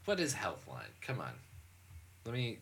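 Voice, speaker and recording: A man's voice: on the low side, wildly swooping pitch, unhurried, fairly bright tone. A man hosting a podcast, chatting casually, laughing and swearing, skeptical. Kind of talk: casual chat.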